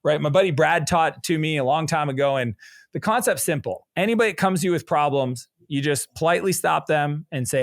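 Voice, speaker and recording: A middle-aged man with a slightly raised speaking voice talks as a business coach, telling stories with energy. He slips into lively quotes of other people as he goes. The sound is close and dry, with no room around it. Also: on the high side, brisk, no echo. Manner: energetic storyteller, animated quoting of others. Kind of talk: conversational interview.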